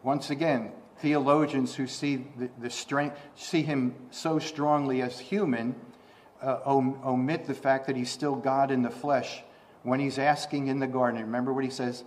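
A man preaching a sermon, reading scripture and explaining it, repeating words and restarting, then rising to loud emphatic bursts on the quoted lines. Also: medium pitch, fairly even intonation, normal speed, a little hiss or hum.

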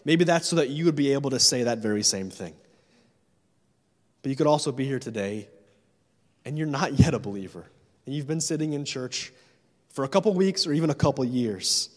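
A man's voice: a little high, moderate pace, long reverb tail. A man preaching a sermon in a church as pastor, making urgent, repetitive appeals to his listeners.

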